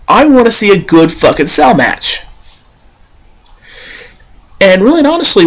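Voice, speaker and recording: A man ranting bluntly and profanely as a vlogger. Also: high voice. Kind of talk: ranting commentary.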